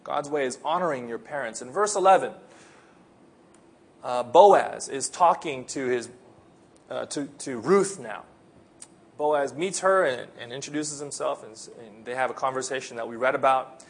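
A man's voice: medium pitch, a little slow, pauses often, breathy edge. A man from the Philippines, preaching a sermon in an earnest, conversational way. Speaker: pastor.

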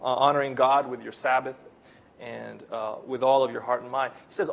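A man's voice: mid-range voice, little pitch movement, moderate pace, gravelly. A man from the Philippines, preaching a sermon in an earnest, conversational way. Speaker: pastor.

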